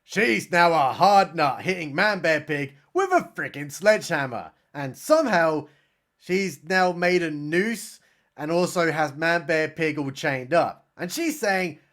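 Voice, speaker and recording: A man's voice: fairly high pitch, expressive, fairly bright tone. A man giving a sarcastic, mocking comedic recap of a film. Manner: sarcastic, mocking, does quick voices for characters. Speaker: film reviewer.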